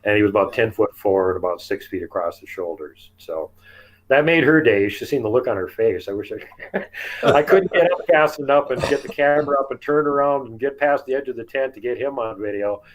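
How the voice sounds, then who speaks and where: A man telling outdoor encounter stories in a casual interview, chatty and quick to laugh. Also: medium pitch, expressive, low-quality recording. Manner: chatty, laughs often, acts out quotes. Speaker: guest telling field encounters.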